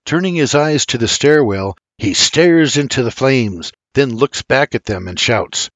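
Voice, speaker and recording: A man's voice: medium pitch, expressive, measured pace, few pauses, a bit bright, no echo. An older man reading an audiobook with intense, dramatic storytelling. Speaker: audiobook narrator. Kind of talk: scripted dramatic audiobook narration.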